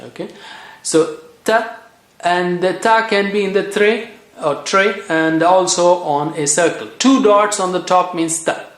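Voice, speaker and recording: A man from Asia, teaching Quran reading in a patient way and repeating each sound slowly for practice. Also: high-pitched, fairly bright tone. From South Asia. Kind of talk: recorded language lesson. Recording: echoey room.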